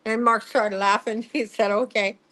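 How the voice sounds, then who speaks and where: A woman's voice: on the high side, steady tone, normal speed, a bit bright, poor audio. A middle-aged woman, a psychic medium, telling a story in an interview, laughing, swearing and acting out what people said.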